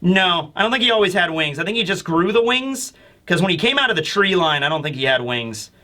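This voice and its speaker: A man hosting a casual manga chapter review, talking in an excitable, rambling way with casual swearing. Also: sits high, brisk.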